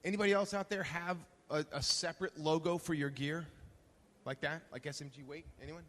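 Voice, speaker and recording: A man's voice: a little high, steady tone, brisk, a bit bright, a little hiss or hum. A man moderating a conference panel, polling the audience and handing off to panelists. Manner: upbeat, polls the audience, hands off to panelists. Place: conference hall. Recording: long hall reverb.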